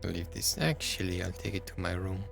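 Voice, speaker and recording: A man's voice: low-pitched, expressive, fairly quick, creaky, over music, heavily acted. A man voicing a formal, hesitant young German intellectual in his late twenties, with a put-on German accent. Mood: weary.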